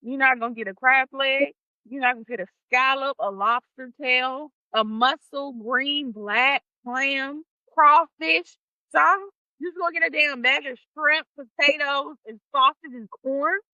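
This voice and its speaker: A woman's voice: sits high, a little slow, sharp tone, no room sound, lo-fi sound. A woman co-hosting a podcast, ranting bluntly and with plenty of swearing in casual chat. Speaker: podcast co-host.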